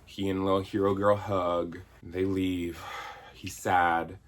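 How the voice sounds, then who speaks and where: A man's voice: deep voice, flat delivery, slow. A man in his thirties giving a sarcastic, exasperated comedic movie review rant, swearing and mimicking characters. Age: 30s. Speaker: video essayist.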